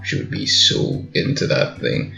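A man's voice: measured pace, bright, forceful tone. A man co-hosting a podcast, chatting casually and playfully, joking and slipping into silly voices. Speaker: podcast co-host. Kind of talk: casual chat. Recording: echoey room with faint music.

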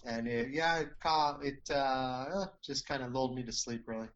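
A man's voice: mid-range voice, normal speed, dull audio. A man telling a personal story as an interview guest, earnest and rambling, with many restarts and "you know"s.

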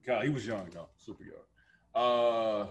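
A man's voice: fairly low pitch, unhurried, gravelly. A man in a casual chat over a video call, throwing in teasing wisecracks. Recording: roomy echo on a video call.

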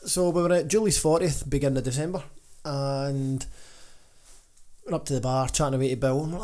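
Animated Scottish man telling gym stories. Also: a little high, brisk. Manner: animated, laughs through his stories. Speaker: podcast co-host, gym owner. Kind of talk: casual chat, storytelling.

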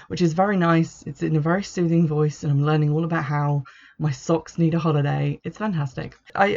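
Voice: medium pitch, vocal fry, dull audio. A host giving a chatty, rambling book review with a wry, offhand manner.

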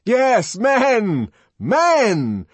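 A man doing an enraged young outsider who hurls his words out at full force, pitched high and swooping wildly. The voice is husky, and the reading is dry and close. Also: wildly swooping pitch, very slow, no echo, heavily acted. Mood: raging. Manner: impassioned shouting. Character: enraged young male outsider preaching freedom.

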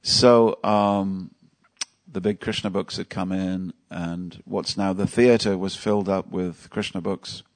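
A temple lecturer with a low, steady voice speaks slowly while giving a devotional class. He tells stories conversationally and puts questions to his listeners.

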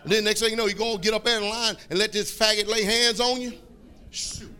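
A man preaching a fiery sermon, repeating phrases, calling for responses and breaking into shouts. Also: high voice, flat delivery, fairly quick, clear, resonant tone.

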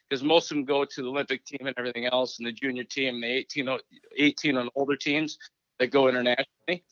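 A man's voice: mid-range voice, no room sound. A former hockey coach from Minnesota, a man, telling stories in a casual interview and acting out remembered conversations. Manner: animated, acts out remembered conversations. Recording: dry, dull lo-fi recording.

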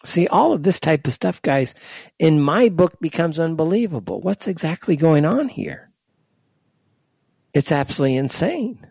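Indignant man ranting with lively pitch. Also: no echo. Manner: indignant, fires off rhetorical questions. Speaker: show host. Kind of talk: solo commentary rant. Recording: dull lo-fi, dry.

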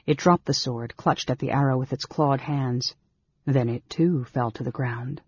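A man narrating a fantasy audiobook in a measured, dramatic storytelling manner. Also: medium pitch, lo-fi sound, slight background noise. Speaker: audiobook reader.

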